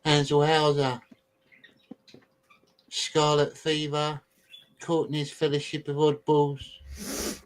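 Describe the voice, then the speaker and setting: A man's voice: fairly high pitch, completely flat delivery, slow, pauses often, rough recording. Chummy man hosting a live stream. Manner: chummy, greets guests one by one. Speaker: birthday stream host. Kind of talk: casual live-stream chat.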